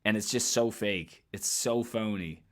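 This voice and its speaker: A man's voice: lowish voice, measured pace. A man giving blunt, emphatic commentary in a casual vlog, swearing freely and repeating phrases as he builds his point. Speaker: commentary vlogger.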